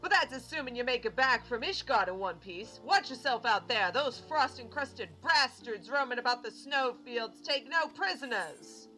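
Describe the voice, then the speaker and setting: Brief: woman doing a scheming male showman, wry and confiding, bright voice. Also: a little high, lively intonation, moderate pace, hardly any pauses, soft background music, pitched above the performer's own voice, rough recording. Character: shrewd, cheerful male showman and ringmaster.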